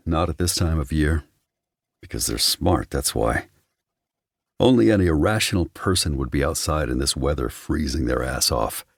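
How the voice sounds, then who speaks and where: A man giving measured, wry scripted narration of an audiobook on a close studio mic. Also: very deep voice, a little mellow, dry recording.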